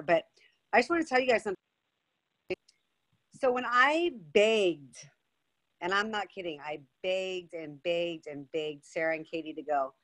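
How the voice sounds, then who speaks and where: A woman's voice: medium pitch, a bit bright, no echo. Woman, video call, enthusiastic storyteller, dry audio. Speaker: team member sharing on a video call. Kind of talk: excited sharing on a video call. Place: outdoors with weak signal.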